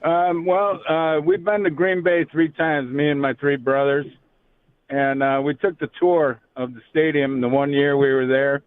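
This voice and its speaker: A man calling in to a sports radio show, telling his story haltingly with lots of ums and uhs. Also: fairly high pitch, steady tone, clean tone, dry recording. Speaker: radio caller. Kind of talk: phone-in call to a radio show. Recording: tinny phone line.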